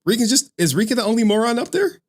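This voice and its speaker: A male streamer hosting a casual chat, talking in a profane and animated way and repeating other people's phrases back. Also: extremely high pitch, quick pace. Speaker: streamer host.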